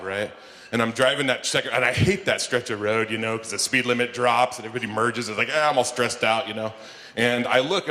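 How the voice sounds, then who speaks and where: A man telling stand-up stories at a conference breakfast keynote, animated and jumping into shouted high bits when acting out scenes. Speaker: stand-up comedian and keynote speaker. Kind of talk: stand-up comedy storytelling. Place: conference hall before a live audience. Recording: long hall reverb, faint room noise.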